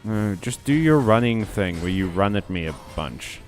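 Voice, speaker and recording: Over soft background music, a man streams a video game, chatting casually and reading messages from chat. His fairly low, darkish voice is animated and moves at normal speed, with sarcastic remarks and frequent swearing throughout this let's-play commentary.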